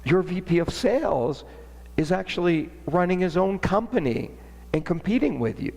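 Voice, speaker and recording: A man voicing a worried, apologetic young female employee in a high, pleading voice, with long hall reverb. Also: lively intonation, normal speed, gravelly, darkish tone, exaggerated voice.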